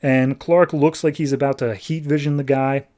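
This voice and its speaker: Chatty podcast host, medium pitch, casual comic recap. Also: male voice, flat delivery, normal speed, mellow. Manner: chatty, conversational.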